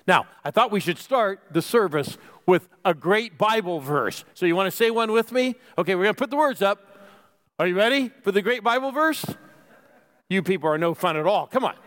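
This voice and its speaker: A man's voice: high-pitched, animated, normal speed, fairly bright tone. A man preaching a sermon with lots of energy, calling on the congregation to answer back and sometimes dropping to a whisper for emphasis. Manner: calls for audience responses. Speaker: pastor.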